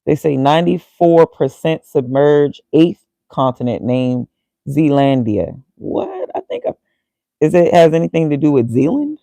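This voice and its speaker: Gravelly man muttering to himself. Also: fairly high pitch, moderate pace, mellow, no echo, poor audio. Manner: muttering, reads aloud and reacts to himself. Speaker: vlogger. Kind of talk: casual thinking aloud while reading.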